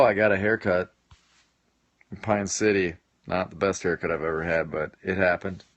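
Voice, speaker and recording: A man's voice: sits low, no echo, lo-fi sound. A man in his late twenties hosting a casual live stream from his home basement, reading and answering viewer comments in a joking way and laughing often. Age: late 20s.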